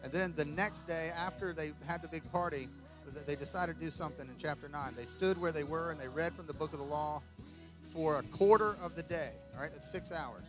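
Conversational pastor preaching over music. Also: male voice, a little high, fairly quick. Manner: conversational, emphatic, frequent "right?" asides. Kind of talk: sermon. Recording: clear music under the voice.

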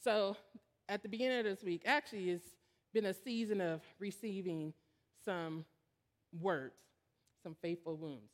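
A woman's voice: mid-range voice, unhurried, long pauses. A woman preacher giving a sermon in a candid, storytelling way, building to emphatic points. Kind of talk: conversational sermon.

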